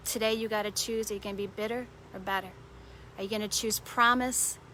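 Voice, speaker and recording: A woman's voice: medium pitch, fairly even intonation, brisk, bright, forceful tone, slight background noise. A woman preaching a devotional sermon in an earnest way, repeating short phrases for emphasis.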